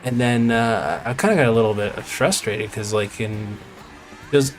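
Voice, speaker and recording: This gamer's voice runs on the low side at normal speed, with soft music playing behind him. Streaming live, he rambles through a lengthy story, recounting conversations in detail as he plays.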